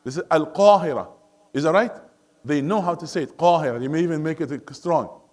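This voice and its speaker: A man's voice: a little high, brisk. A man teaching Quran recitation to a study circle. He switches between English and Arabic, keeps asking the class questions and recites verses melodically. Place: mosque classroom.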